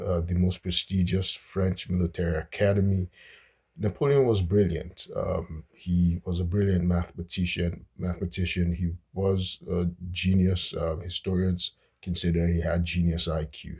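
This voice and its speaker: A man's voice: low-pitched, darkish tone, husky. A man hosting a casual, unscripted history talk, with many fillers and restarts.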